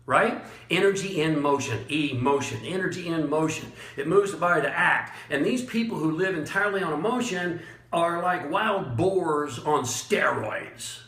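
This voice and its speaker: A man giving a motivational talk as a leadership coach, blunt and emphatic, chuckling often and using dramatic pauses. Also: fairly high pitch, animated, fairly bright tone, echoey room. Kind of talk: motivational monologue.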